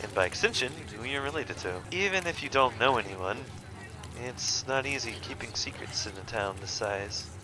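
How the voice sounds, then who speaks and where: A man's voice: medium pitch, lively intonation, normal speed, noisy background, natural voice. Brief: male streamer voicing a friendly, talkative small-town guide, breezy and teasing. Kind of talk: reading a game character's lines.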